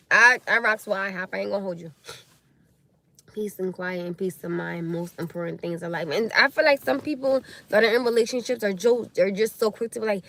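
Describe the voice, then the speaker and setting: A woman's voice: mid-range voice, a little fast, a bit bright. A young woman hosting a casual livestream and talking bluntly about relationships while she reacts to viewer comments. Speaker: livestream host. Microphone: phone or webcam livestream.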